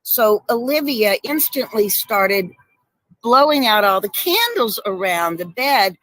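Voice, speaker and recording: A woman guest shares stories with animated energy and frequent laughter. Her voice is bright and forceful, and it sounds dry and close with no room around it. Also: mid-range voice, slow, no echo, low-quality recording. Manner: animated storyteller, laughs often. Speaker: guest actress. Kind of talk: casual storytelling chat.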